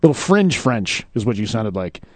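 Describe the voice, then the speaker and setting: A man's voice: on the low side, very animated, normal speed, dry recording. A man co-hosting a radio show, joking with his co-host and laughing often. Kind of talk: casual radio chat.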